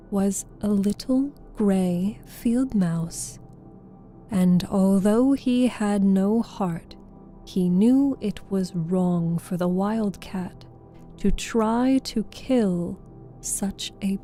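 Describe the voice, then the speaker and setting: A woman narrating a classic children's audiobook in a slow, gentle storytelling way. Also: medium pitch.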